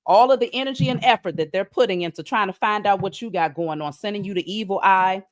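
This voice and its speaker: A woman giving a spiritual card reading on a live stream, chatting casually to viewers and reading declarations slowly and emphatically. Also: mid-range voice, no echo, studio quality.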